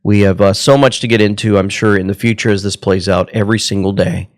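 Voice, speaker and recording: A man's voice: lowish voice, fairly even intonation, quick pace. A man from Georgia hosting a commentary show. He speaks earnestly and emotionally, calls his listeners folks, and leads a prayer. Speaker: host.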